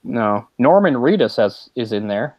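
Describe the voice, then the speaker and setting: Man, podcast co-host, rambling, casual movie chat, mid pitch, dry sound. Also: no echo, highs cut off. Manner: rambling, animated when retelling scenes, quick laughs.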